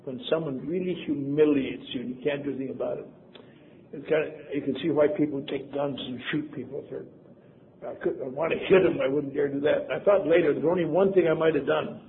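An older man from Wisconsin recounts his past with dry, self-deprecating humor. His voice sits slightly high and comes through a narrow, tinny channel. A faint hiss lies under it. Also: fairly even intonation, brisk. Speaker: storyteller. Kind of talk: personal storytelling. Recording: tinny phone-like sound, faint noise.

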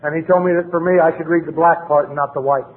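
A middle-aged man speaks bluntly and colloquially, telling his story to a meeting. His voice sits high for a man. The sound is thin and tinny, with a long reverb tail from a large hall. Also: fairly even intonation, fast talker. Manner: blunt, plain-spoken and colloquial. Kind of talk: recovery meeting talk.

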